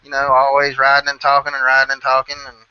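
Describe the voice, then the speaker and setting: A man's voice: medium pitch, completely flat delivery, fast talker, bright, forceful tone, a little hiss or hum. A man telling a long story in casual chat, swearing freely and acting out what people said. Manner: profane, rambling, acts out quotes. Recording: dull lo-fi sound.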